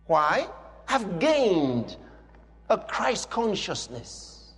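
High, lively-voiced preacher in a hall. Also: male voice, unhurried. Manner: emphatic, repeats declarations. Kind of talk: sermon.

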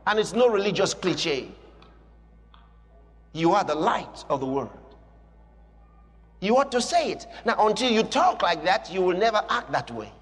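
A man preaches in a very high, lively voice, hammering home his points by repeating them. The sound carries a long hall reverb, with soft music under it. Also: a little slow, pauses often. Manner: emphatic, repeats declarations. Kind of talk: sermon.

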